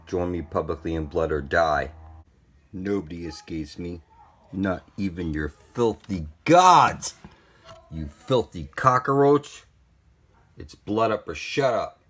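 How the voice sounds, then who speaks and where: A man's voice: deep voice, fairly bright tone. A man delivering a threatening, profane monologue as a channel host, taunting and contemptuous. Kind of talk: menacing monologue to camera.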